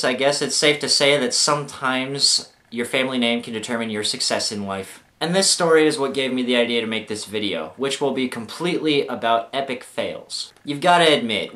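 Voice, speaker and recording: Young man telling self-mocking stories. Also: mid-range voice. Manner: jokey, self-mocking, animated delivery. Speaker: vlogger. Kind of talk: comic storytelling to camera.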